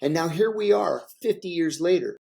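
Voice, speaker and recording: A man's voice: fairly high pitch, lively intonation, normal speed, creaky, darkish tone. Emphatic storytelling man. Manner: emphatic, repeats phrases for effect, acts out quotes. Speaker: interview guest, former intelligence officer. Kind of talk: candid conversational storytelling.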